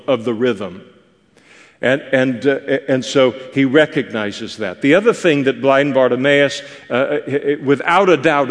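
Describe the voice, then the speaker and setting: A man teaching a Bible passage in a conversational, animated way, often pausing on fillers and restarting his phrases. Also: a little high, big-room sound.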